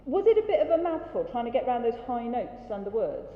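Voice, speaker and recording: A woman leading a choir rehearsal, brisk and encouraging, breaking off to demonstrate vowels and sounds. Her voice rings through a large hall with a long reverb tail. The recording is dull and lo-fi, with faint ambience behind her. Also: fairly high pitch, very animated. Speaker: choir director. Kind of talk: rehearsal coaching.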